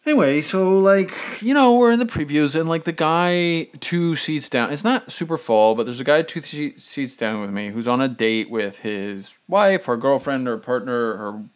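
A man telling a casual story on a podcast, rambling with lots of fillers and animated retellings. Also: fairly high pitch, normal speed, hardly any pauses, clean tone. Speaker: podcast host.

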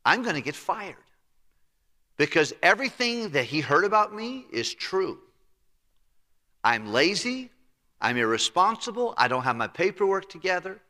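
A man's voice: high-pitched, very animated, moderate pace, long pauses, pushed and bright, in a large hall, full character voice. A man voicing a lazy male steward who fears being fired, muttering in fretful, casual slang. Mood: worried. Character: lazy, panicking male steward facing firing.

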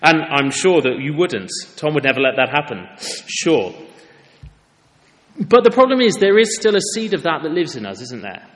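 A male preacher delivering a sermon in an earnest, conversational way, leaning hard on key words. His voice sits a little high for a man, and a long church-hall echo trails behind it. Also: sing-song, normal speed.

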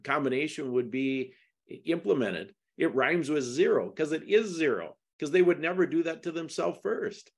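A man's voice: on the high side, animated, moderate pace, breathy edge. Emphatic middle-aged man in interview. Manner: emphatic, rising to indignant questions. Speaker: podcast guest discussing a lawsuit. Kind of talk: casual interview talk.

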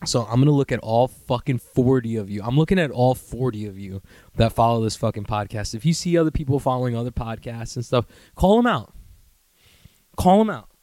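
A young man hosting his own podcast, ranting in a profane, rambling, self-mocking way and sometimes doing mocking high voices. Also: quick pace, warm tone, dry recording, studio quality. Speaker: podcast host. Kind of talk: casual solo podcast rant.

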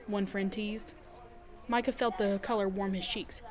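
A woman narrating a short story in an even, careful reading voice. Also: medium pitch, unhurried.

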